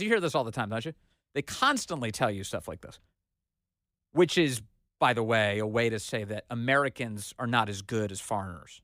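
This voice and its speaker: A man's voice: mid-range voice, lively intonation, fairly quick, a bit bright, no echo, studio quality. A man hosting a talk radio show, delivering an emphatic, sarcastic opinion monologue.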